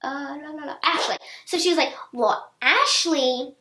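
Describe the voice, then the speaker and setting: Bubbly teen vlogger with a high voice, talking to camera in a reverberant room. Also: female voice, quick pace. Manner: chatty, animated, acts out quotes of others. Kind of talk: storytime vlog, casual chat. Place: indoor room, seated on a chair. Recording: echoey room.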